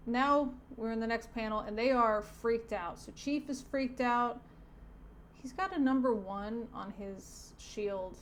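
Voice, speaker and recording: A woman with a somewhat high voice reads a comic aloud in casual, chatty commentary, the way a teacher might mark a student's work. She keeps correcting herself mid-sentence and lets her thoughts trail off into quiet, wry asides. A faint background hum sits under her voice. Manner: digressive, self-correcting, trails off softly.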